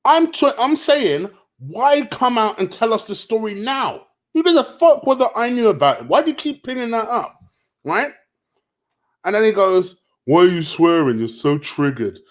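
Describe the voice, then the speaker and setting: A man's voice: very high voice, very animated, moderate pace. A man ranting in a late-night football vlog, heated, profane and sarcastic. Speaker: football vlogger.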